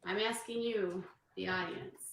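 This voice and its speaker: A woman's voice: mid-range voice, fairly even intonation, a little slow, vocal fry. A woman chatting casually on a livestream, reading out poll results and counting down. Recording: roomy livestream audio with faint noise.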